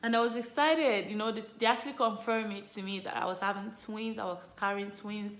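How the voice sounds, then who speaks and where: A woman vlogger casually telling viewers her story, chatty and animated, full of "you know" and "like". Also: mid-range voice, a little fast. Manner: animated, lively retelling. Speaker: vlogger, mother sharing her birth story. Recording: roomy echo.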